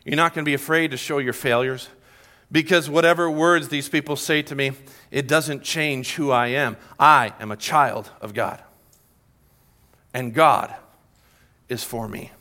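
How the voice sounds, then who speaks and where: A man's voice: medium pitch, fairly even intonation, a little slow, pauses often, pushed and bright. A middle-aged man preaching a sermon as a pastor, earnest, repeating key phrases and building to emphatic peaks.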